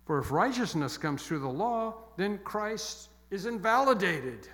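A man preaching a sermon with emphatic, repeated phrases that fall soft and quiet toward the close. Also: sits high, very animated, measured pace. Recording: long echo of a large hall.

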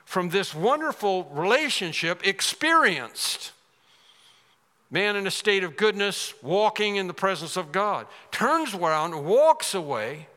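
A man's voice: high-pitched, big pitch swings, a little slow, pushed and bright. A man preaching a sermon, speaking emphatically and repeating phrases for effect. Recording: long hall reverb.

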